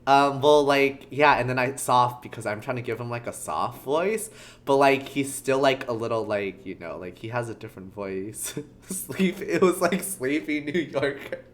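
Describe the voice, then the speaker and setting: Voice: mid-range voice, expressive, moderate pace. A streamer chatting casually while reading a game aloud, giggly and full of fillers.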